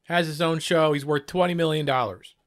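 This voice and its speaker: A man's voice: on the high side, fairly quick. Swearing, heated male stream host. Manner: heated, sarcastic, swears constantly. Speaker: livestream host reacting to a clip. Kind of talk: profane reaction commentary.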